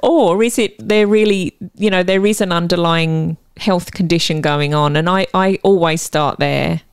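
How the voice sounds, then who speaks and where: A woman's voice: lowish voice, normal speed, clear, resonant tone, no echo, studio quality. A woman, a naturopath guest explaining her work in friendly casual chat. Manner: friendly, explanatory, laughs easily.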